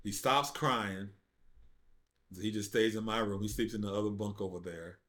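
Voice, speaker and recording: A man telling his faith testimony as a podcast guest, in casual, informal speech, acting out quotes with big swings in his voice. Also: normal speed. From United States. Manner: animated storyteller, acts out quotes with big jumps in pitch; informal speech with dropped verbs. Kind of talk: casual storytelling conversation.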